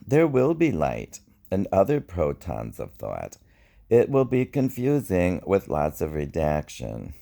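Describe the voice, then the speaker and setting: A man reading his own spoken-word poetry in a slow, wry, reflective way. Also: low-pitched, huge pitch swings, vocal fry, dark tone. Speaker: poet.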